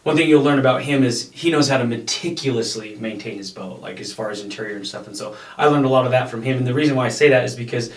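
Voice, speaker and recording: A man's voice: medium pitch, fast talker, hardly any pauses. A middle-aged man telling long, rambling stories in casual chat as a podcast guest, laughing now and then. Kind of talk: casual storytelling. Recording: roomy echo, a bit far from mic.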